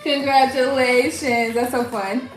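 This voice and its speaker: A middle-aged woman hosting a casual live tarot reading, chatting loudly with viewers, laughing often and swearing freely. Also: high voice, steady tone, a little slow. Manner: loud, laughing, profane and chatty, greets viewers. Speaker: tarot reader livestream host. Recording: echoey room with faint music.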